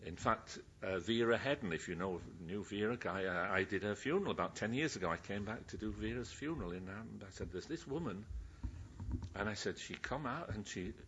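A man's voice: on the low side, lively intonation, a little fast, a bit bright, slight background noise. An older man preaching as a minister, chatty and rambling, breaking off his sentences and laughing at his own stories. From Yorkshire, England. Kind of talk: anecdotal sermon. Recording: dull lo-fi recording.

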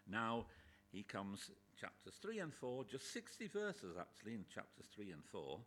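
Lively preacher, emphatic. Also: male voice, lowish voice, moderate pace, a little hiss or hum. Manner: chatty, joking asides, bursts into loud emphatic scripture quotes. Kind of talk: sermon. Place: church with a pulpit, indoors.

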